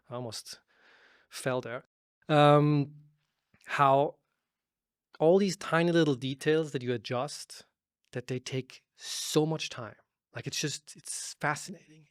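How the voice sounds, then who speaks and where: A man co-hosting a casual tech podcast, telling animated stories full of quoted asides. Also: medium pitch, smooth, dry recording, clean studio sound. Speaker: podcast co-host. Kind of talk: casual chat.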